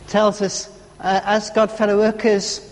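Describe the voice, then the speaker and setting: A man's voice: high voice, monotone, normal speed. A man preaching a sermon in a conversational, earnest way, telling a story and reading aloud to his congregation. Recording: long church reverb.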